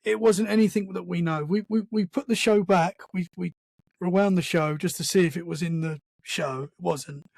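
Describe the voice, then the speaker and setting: A man, a podcast guest, telling a story in casual conversation, animated and full of restarts. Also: high-pitched, moderate pace, vocal fry, dry recording. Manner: animated storyteller, acts out sounds and quotes; many restarts and "man" fillers.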